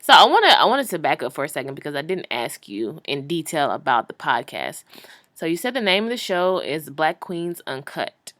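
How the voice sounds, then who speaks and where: A woman's voice: low-pitched, sing-song, moderate pace, a bit bright, dry recording, clean studio sound. A woman hosting a podcast, asking a guest curious questions in a casual way. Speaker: podcast host. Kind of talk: casual interview.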